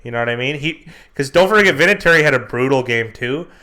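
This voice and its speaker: A man co-hosting a casual sports watch-along stream, excitable and quick to react to plays. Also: mid-range voice. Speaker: co-host.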